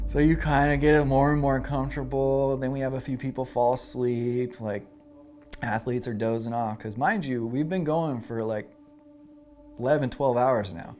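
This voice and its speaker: A man casually recounting a hard training experience, loose and relaxed, full of fillers as he talks. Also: mid-range voice, moderate pace. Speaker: interviewee recalling a training event. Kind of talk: casual storytelling. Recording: music playing under the voice.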